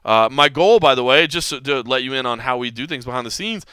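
Fast-talking man in his forties, bright. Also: medium pitch, clean tone, no echo, clean studio sound. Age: 40s. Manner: rambling, animated storytelling with many restarts. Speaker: podcast host. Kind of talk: casual chat.

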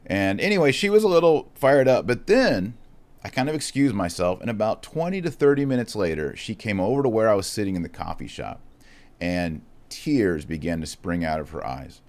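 Earnest low-voiced Catholic man preaching. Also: expressive, normal speed. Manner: earnest, emphatic, swings from loud urging to hushed reflection. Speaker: Catholic speaker. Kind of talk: impassioned exhortation and storytelling.

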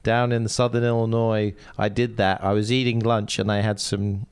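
A man's voice: fairly low pitch, level tone, moderate pace, noisy background. English man chatting on a podcast. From England. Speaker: podcast co-host. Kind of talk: casual chat.

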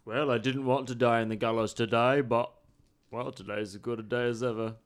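A man voicing a wry, resigned condemned man on the gallows in a tabletop game, speaking quietly and dryly. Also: mid-range voice, steady tone, a little fast, clear, resonant tone, voice pushed down, lightly acted.

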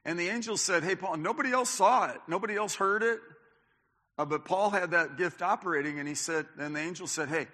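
A man's voice: high voice, brisk, sharp tone, long reverb tail. A man preaching a sermon in a loose, conversational way, often restarting and adding asides.

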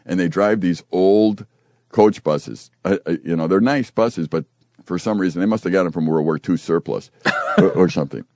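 An older man hosting a casual chat, telling animated stories and acting out the quotes. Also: sits low, normal speed, no echo. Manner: animated storyteller who acts out quotes.

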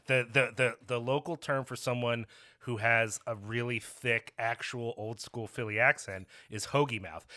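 A man's voice: mid-range voice, sharp tone. A man from Philadelphia co-hosting a podcast, talking in a rambling, self-deprecating casual chat. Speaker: podcast co-host.

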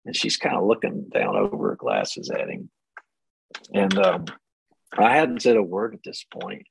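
Husky lowish guy telling a train story on a podcast, doing all the voices, dry close sound. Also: measured pace, no room sound, rough recording. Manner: animated storyteller acting out quotes. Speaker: podcast guest. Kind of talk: casual storytelling.

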